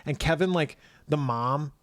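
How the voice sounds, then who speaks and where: A man's voice: a little high, unhurried, no room sound. A man co-hosting a horror film podcast, chatting casually, joking and swearing, often laughing. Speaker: podcast co-host. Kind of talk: casual chat.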